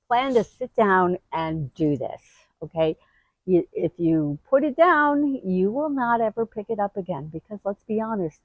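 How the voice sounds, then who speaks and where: Middle-aged woman, earnest and emotional grief-advice host, slow unhurried delivery, dry close sound. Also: no echo, poor audio. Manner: earnest, emotional, expressive, with sudden high bursts. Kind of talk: heartfelt talking-to-camera advice.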